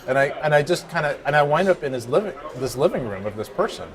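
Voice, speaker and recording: A man co-hosting a podcast, chatting over lunch and telling a lively story. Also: fairly high pitch, fast talker. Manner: lively storyteller, acts out voices in his tale. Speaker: podcast co-host. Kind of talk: casual chat over lunch. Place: busy restaurant. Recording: restaurant crowd chatter behind.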